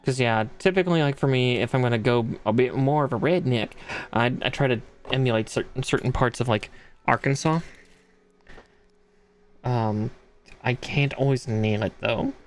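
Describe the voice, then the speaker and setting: A man talking casually on a live stream as he builds a model kit, at an average pitch with soft music under him. He chats freely, laughs often and calls out part numbers as he works. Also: normal speed.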